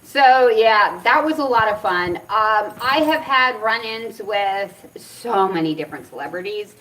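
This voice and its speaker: A woman's voice: mid-range voice, a little slow, recorded from a distance, slight background noise, rough recording. Chatty woman telling stories, a bit off-mic. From Arizona. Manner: chatty, rambling, animated retelling with lots of ums. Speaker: cannabis vlogger. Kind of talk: casual storytelling vlog.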